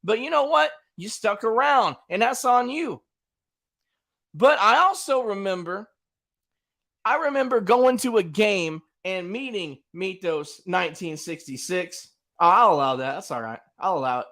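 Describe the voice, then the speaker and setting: High-pitched and expressive, this livestream host takes his time, his sharp-toned voice dipping into vocal fry. He addresses his chat directly while trash-talking a rival in casual slang.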